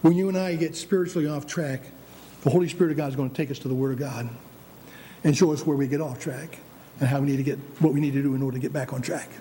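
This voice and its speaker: A pastor preaching with a high, mellow voice, his delivery animated as he acts out voices of God and believers. A faint background ambience is heard behind him. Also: quick pace, a little hiss or hum. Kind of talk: sermon.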